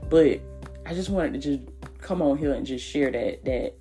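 A woman hosting a devotional podcast, preaching in a hushed, half-whispered voice from a small closet, repeating phrases and calling listeners "baby.". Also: a bass voice, moderate pace, faint music behind. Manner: repetitive, calls listeners "baby" and "y'all". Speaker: podcast host.

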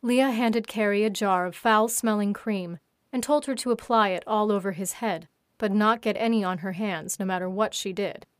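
A woman reads a written story aloud in a steady, even narration. Her voice sits at an ordinary middle pitch. The recording is dry and close, with no room sound. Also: normal speed, clear, resonant tone, dry recording. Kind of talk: scripted erotic story reading.

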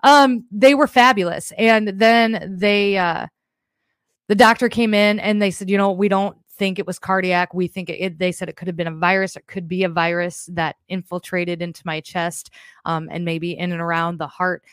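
On her live podcast, a woman talks candidly and emotionally, rambling casually while sounding a bit shaken and teary. Her voice sits on the low side with fairly even intonation and a moderate pace, and the studio-quality recording is clean with no room sound.

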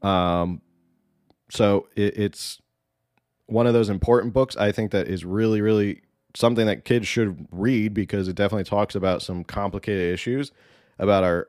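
A man with a lowish voice, recorded dry and close with no room sound. He talks through politics in a loose, rambling, opinionated way, full of ums and restarts. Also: fairly even intonation, normal speed, a little mellow, no echo. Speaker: political commentator. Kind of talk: casual political commentary.

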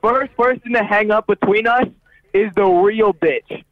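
A man calls into a comedy call-in show over a dull, muffled phone line. His voice sits high, and he teases and giggles while throwing crude jabs back at the hosts. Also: measured pace. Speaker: caller. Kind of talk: prank phone call banter.

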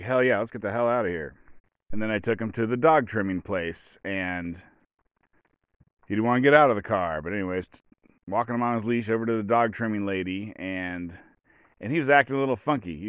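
Rambling, low-voiced man in his forties. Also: no echo. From Oregon, USA. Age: 40s. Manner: meandering, profane, with frequent fillers and restarts. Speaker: podcast host. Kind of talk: rambling casual monologue.

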